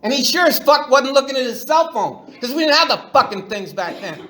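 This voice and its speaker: A man's voice: very high-pitched, very animated, fairly quick, pushed and bright. A middle-aged man telling his recovery story at a meeting in a profane, slangy way, restarting his sentences often. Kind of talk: personal recovery share. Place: meeting room. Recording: echoey room recording.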